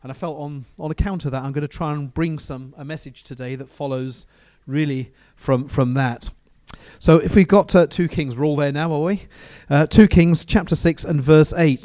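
A man's voice: on the high side, normal speed, warm tone, dry recording, highs cut off. A man preaching a sermon and reading from the Bible, talking in a conversational way with frequent restarts.

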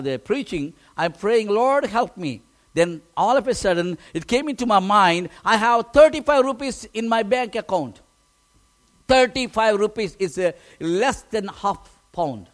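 A pastor telling a personal testimony in a sermon, emotional and animated, often restarting his words. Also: very high voice.

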